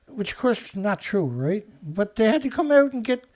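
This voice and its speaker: A man's voice: sits high, sing-song, moderate pace, darkish tone. A man hosting his own show, reading news headlines aloud and answering them with sarcastic, indignant commentary. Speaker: show host.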